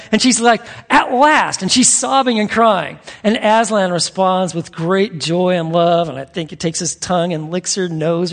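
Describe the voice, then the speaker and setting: A man preaching a sermon as pastor, telling stories in a casual, chatty way with many fillers. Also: sits high.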